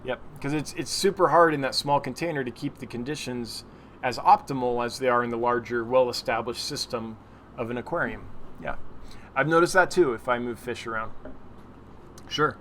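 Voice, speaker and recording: A man's voice: medium pitch, moderate pace, a bit bright, slight background noise. A man hosting a weekly livestream, chatting casually as he answers viewer questions and laughs at his own slips. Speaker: livestream host.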